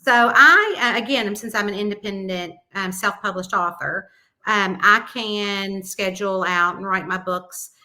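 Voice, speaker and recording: A middle-aged woman with a Southern American accent, chatting lively as a guest author and laughing often. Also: mid-range voice, measured pace. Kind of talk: casual chat.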